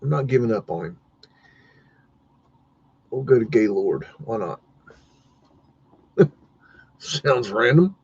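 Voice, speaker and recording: Browsing maps during a livestream, this male podcast co-host talks in an animated but slow way, leaving long pauses. His medium-pitched voice is a little mellow and slightly rough, and his casual chat is hesitant, with lots of fillers and false starts. Audio quality is dull lo-fi.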